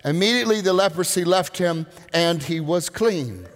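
A man preaching a sermon to a congregation, telling stories with lively acted-out voices. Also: high-pitched, moderate pace. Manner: animated storytelling, acts out voices. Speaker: pastor. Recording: long reverb of a large hall.

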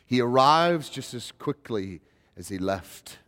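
A man's voice: mid-range voice, animated, slow, a bit bright, in a large hall. A male pastor preaching a sermon in a conversational way, building to rising, emphatic questions.

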